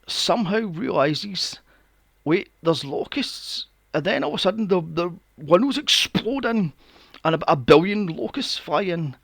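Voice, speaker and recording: A podcast host recaps a film plot in a casual, animated way, swearing often and acting out his own reactions. His voice is on the high side, creaky and husky. The studio sound is clean, with no room sound.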